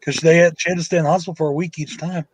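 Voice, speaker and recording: A man's voice: fairly high pitch, steady tone, rapid-fire, slightly rough, low-quality recording. A man co-hosting a live chat show, telling loose, profane stories in a rambling way. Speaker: podcast co-host. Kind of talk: casual chat.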